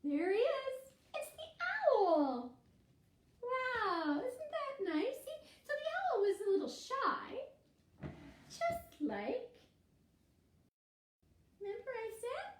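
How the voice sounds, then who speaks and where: Children's librarian, woman, animated read-aloud, gasping, lively pitch, slow delivery. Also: reverberant. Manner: animated, gasping, speaks to young kids.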